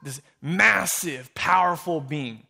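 A man preaching a sermon in an animated way, often restarting with repeated words. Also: a little high, slow pace, gravelly. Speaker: pastor.

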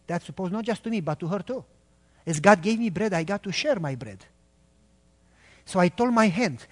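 Man, pastor, high voice, earnest animated sermon storytelling, long hall reverb. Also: normal speed, long pauses.

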